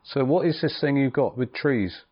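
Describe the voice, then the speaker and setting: Dry-witted podcast host, lo-fi sound. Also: male voice, mid-range voice, expressive, normal speed, breathy edge. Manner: dry, teasing questions. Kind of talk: casual chat.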